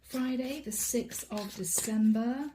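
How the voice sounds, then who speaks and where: A woman's voice: on the high side, takes it slowly, warm tone, a little hiss or hum. A woman giving a chatty channeled tarot reading to camera, laughing often and voicing her listeners' inner thoughts. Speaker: tarot reader.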